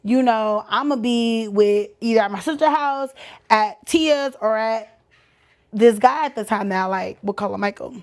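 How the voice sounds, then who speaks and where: A young woman from Texas with a Texan accent, telling a story on her podcast in a casual, animated, slangy way, acting out the voices of the people in it. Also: on the high side. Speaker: podcast host.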